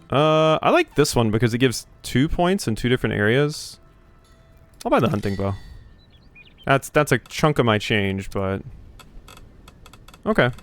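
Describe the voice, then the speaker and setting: A man's voice: medium pitch, lively intonation, measured pace, pauses often, soft background music. Wry man doing casual game commentary. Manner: wry, joking, with many fillers. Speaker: gaming channel host.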